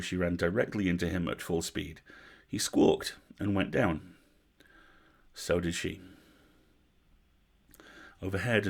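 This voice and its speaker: A man reading a story aloud on a livestream, measured, with wry asides. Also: sits low, gravelly. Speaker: story reader.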